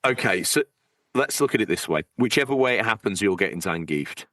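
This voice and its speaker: Male podcast co-host, bright lowish voice, dry sound; playful, teasing, digressive. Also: expressive, a little fast, dry recording. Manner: playful, teasing, rambling with jokey asides. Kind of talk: casual banter, reading out supporter thanks.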